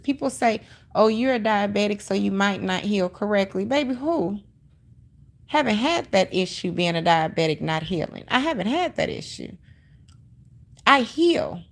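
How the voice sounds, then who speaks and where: A middle-aged woman hosts a casual livestream in a medium-pitched, fairly bright voice with some vocal fry. She speaks emphatically and sassily, sounding a bit preachy, repeating her points as she answers viewer comments.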